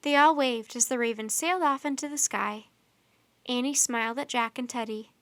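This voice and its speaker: A woman reads a children's storybook aloud in an expressive manner. Her voice is slightly high, and the recording is dry and close, with no room sound. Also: moderate pace, no room sound. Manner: expressive, performing character voices.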